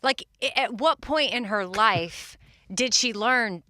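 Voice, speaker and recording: A woman co-hosting a radio morning show, chatty and quick to laugh in casual banter. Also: fairly high pitch, bright, forceful tone, no echo, clean studio sound.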